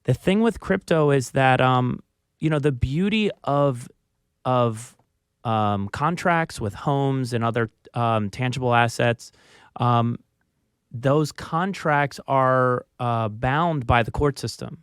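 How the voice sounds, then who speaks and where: Smooth-voiced Philadelphia man, halting. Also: mid-range voice, no room sound, studio quality. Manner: hesitant, many ums and restarts. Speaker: guest. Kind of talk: casual radio chat. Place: radio studio.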